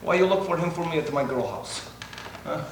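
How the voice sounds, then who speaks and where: An actor playing a young Polish immigrant mill worker, speaking broken English with a Polish accent, defiant and jumpy, in a live stage play. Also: male voice, a little high, expressive, fairly quick. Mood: defensive. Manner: broken English, volatile, swings from shouting to muttering. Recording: echoey theater recording from far off with hiss.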